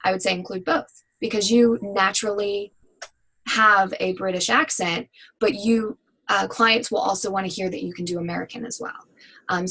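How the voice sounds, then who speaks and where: A woman answers webinar questions about voiceover demos in a husky voice. Her delivery is energetic and chatty, with plenty of ums and restarts. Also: mid-range voice, poor audio. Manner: energetic, chatty with frequent fillers. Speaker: voiceover demo producer.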